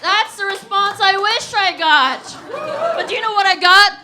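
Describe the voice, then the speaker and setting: A young woman from the Washington D.C. area doing stand-up on a live stage. Her voice sits high and sounds bright and sharp. She works the crowd with animated, punchy delivery. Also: normal speed, a little hiss or hum. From Washington D.C. / Virginia area, USA. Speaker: stand-up comedian. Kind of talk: stand-up comedy set. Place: live comedy venue.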